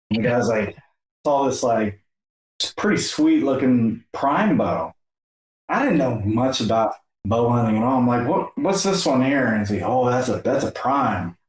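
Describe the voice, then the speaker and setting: A male podcast host chatting casually and telling a story in a relaxed, filler-heavy way. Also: mid-range voice. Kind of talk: casual conversation. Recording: echoey room.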